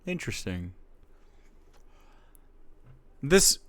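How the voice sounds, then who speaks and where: A man's voice: medium pitch, very animated, moderate pace, pushed and bright, dry recording. A man streaming, reacting to a clip with casual, sarcastic, profane commentary. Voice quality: casual, sarcastic, swears freely.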